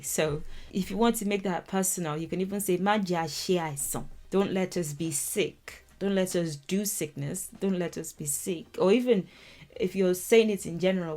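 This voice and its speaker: A woman teaching a language lesson who explains song lyrics word by word, laughing often and speaking in a lively, informal way. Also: lowish voice.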